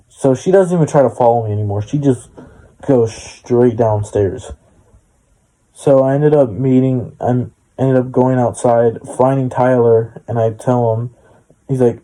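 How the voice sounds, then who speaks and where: A man's voice: medium pitch, fairly even intonation, moderate pace, mellow, low-quality recording. Young man rambling through a storytime. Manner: rambling, repeats "I was like" and "she's like". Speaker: storytime vlogger. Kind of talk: casual storytime narration.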